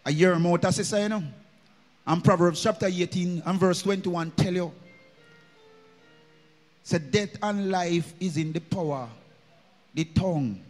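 A high-pitched Jamaican man preaching in a church, chanting and half-singing his phrases in patois. His voice rings through a long-echoing hall with faint music underneath. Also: a little slow, long pauses, a little mellow. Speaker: minister. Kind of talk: sermon.

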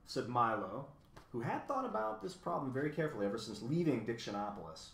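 Bright-voiced man reading a children's book. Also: medium pitch, very animated, brisk, echoey room. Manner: casual asides to viewers. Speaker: reader. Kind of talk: reading a children's novel aloud.

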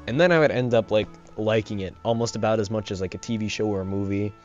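A young man talks casually over his gameplay, rambling and joking with frequent laughs. His voice sits a little low, and the home mic sounds a bit dull with faint game music underneath. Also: quick pace, hardly any pauses, a little mellow. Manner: rambling, jokey, laughs often. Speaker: let's play host.

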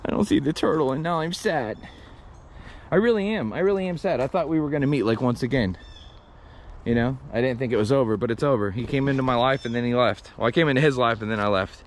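A man's voice: mid-range voice, quick pace, slight background noise. A man vlogging alone on an outdoor trail, joking and chatting to his viewers nonstop. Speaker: paranormal explorer vlogger. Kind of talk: rambling solo commentary.

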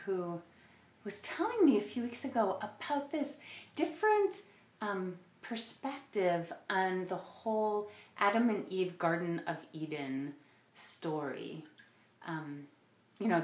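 A woman with a lowish voice talks slowly through her thoughts in a casual, reflective monologue. She hesitates often, circling back with fillers and restarts. Her voice rings in a roomy echo. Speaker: podcast host.

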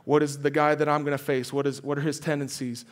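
Speaking fast in a voice on the high side, a young man shares a personal story while preaching as a guest. He's animated and loose, restarting often and using lots of fillers.

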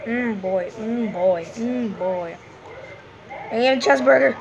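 A woman giving casual, excitable gameplay commentary, full of playful hums and sing-song noises. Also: fairly high pitch, unhurried, creaky, highs cut off, noisy background. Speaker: gameplay streamer.

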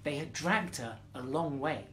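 A man reading a bedtime story aloud in an expressive, playful way. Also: on the high side, measured pace, a little hiss or hum.

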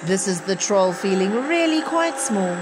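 A woman reading a children's picture book aloud, with measured, expressive storytelling. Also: mid-range voice, noisy background. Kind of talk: children's read-aloud narration. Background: music.

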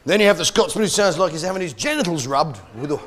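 A man's voice: on the high side, expressive, quick pace, very noisy. Brash mocking man doing stand-up. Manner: brash, mocking, swearing, crowd work. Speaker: stand-up comedian. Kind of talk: stand-up comedy routine. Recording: live stage with loud audience.

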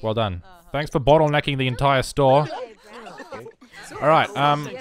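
An excitable man, rambling through casual gameplay commentary and bursting into shouts. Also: mid-range voice, normal speed, crowd noise. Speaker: game streamer.

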